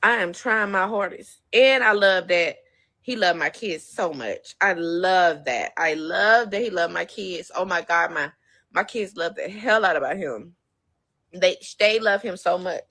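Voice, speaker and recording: A woman's voice: on the low side, measured pace, bright, forceful tone. A woman talking on her livestream, tearful, rambling and defensive. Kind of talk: emotional live stream talk.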